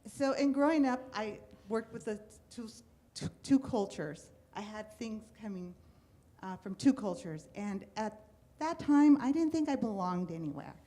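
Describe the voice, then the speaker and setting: A woman's voice: a little high, measured pace. A middle-aged woman from the United States telling her personal life story to a live audience, acting out the voices of people she quotes. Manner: animated, acts out quoted voices. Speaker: speaker at a storytelling event.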